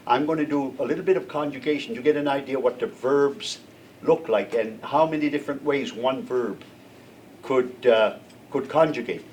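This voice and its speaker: An older male language teacher gives a classroom lesson to students, speaking at normal speed in a mid-range, darkish voice. He is patient and checks in with his listeners, heard from a distant mic with faint room noise.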